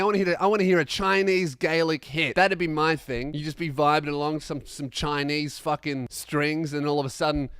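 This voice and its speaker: A young man hosting a comedy podcast, ranting in an animated, profane, self-mocking monologue. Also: a little high, clear, resonant tone, no echo, clean studio sound.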